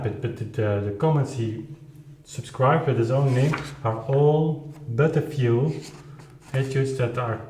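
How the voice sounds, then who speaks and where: A man who is not a native English speaker, explaining his playing in an informal music lesson, halting and searching for words with many restarts. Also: medium pitch, a little mellow, roomy sound, slight background noise. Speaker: keyboard performer explaining his recording.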